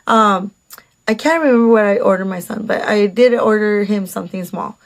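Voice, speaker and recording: A woman's voice: medium pitch, moderate pace. A woman telling a casual storytime about a date, chatty and sarcastic, with lots of fillers and asides.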